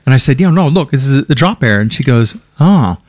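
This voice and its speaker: A middle-aged man telling stories in a casual chat, animated and laughing often. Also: medium pitch, fairly quick, no room sound, clean studio sound. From outside Australia.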